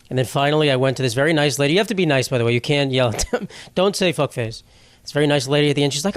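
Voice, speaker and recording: A man's voice: on the high side, quick pace, no room sound. A young man hosting a casual solo podcast, rambling with crude jokes and silly voices for quoted people. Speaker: podcast host.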